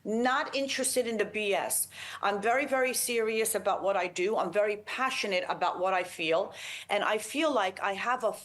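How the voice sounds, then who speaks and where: A woman's voice: medium pitch, normal speed, a bit bright. A woman giving an interview, talking in a blunt, combative, emphatic way. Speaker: interview guest.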